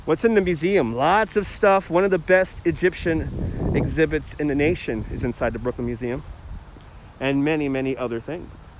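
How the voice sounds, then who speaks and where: A man's voice: a little high, moderate pace, a little hiss or hum. A man live streaming as he walks outdoors through a city park, chatting in a rambling way and answering viewer comments on a phone held on a gimbal. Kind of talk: casual walking livestream chat. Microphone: phone on a handheld gimbal.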